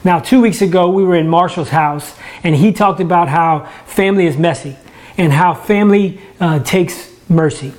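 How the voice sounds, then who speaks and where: A man's voice: fairly high pitch, moderate pace, darkish tone. Guy doing a laid-back sermon from his house, chatty, keeps restarting his words, pokes fun at himself. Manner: conversational, restarts words, self-deprecating humor. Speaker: church ministry director. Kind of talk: casual home-recorded sermon. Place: his own home, indoors.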